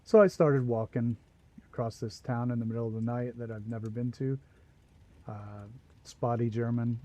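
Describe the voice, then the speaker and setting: While gaming, this livestream host spins a long, casual story, peppering it with asides. He speaks at a moderate pace in a steady, dark-toned voice of medium pitch.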